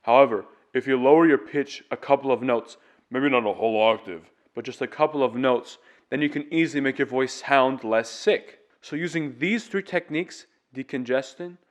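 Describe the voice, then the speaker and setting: A man teaching singing, explaining vocal tips step by step in an earnest, demonstrative way. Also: medium pitch. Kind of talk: casual vocal tutorial.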